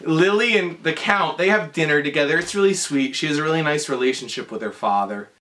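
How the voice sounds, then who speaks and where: A man's voice: on the high side, brisk, sharp tone. A tipsy man rambling through a comedic drunken retelling of a movie, heavy on fillers and swearing. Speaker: drunk storyteller.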